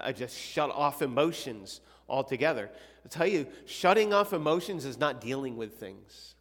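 A man teaching a youth Sunday school class in a conversational way, asking his students questions and often clearing his throat. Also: mid-range voice, a bit bright. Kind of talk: casual Bible class teaching. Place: church classroom. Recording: long reverb in a hall.

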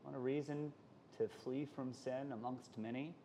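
A man's voice: medium pitch, moderate pace, a little hiss or hum. A man teaching a college Sunday school class on a Bible passage, talking conversationally and acting out the quoted lines. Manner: conversational, animated, acts out quotes.

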